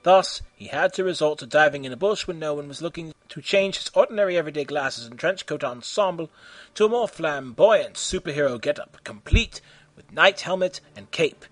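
A man narrating a comic story in a deadpan, matter-of-fact way. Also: fairly high pitch, brisk, no room sound.

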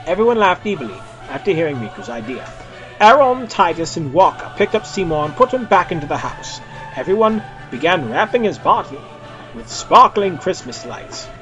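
A young man reads a silly story aloud in a playful, dramatic way. His voice sits a little high and swings widely in pitch. The recording is dull and lo-fi, with faint music underneath. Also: normal speed. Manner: switches between character voices, lively and playful. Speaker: reader of fan fiction.

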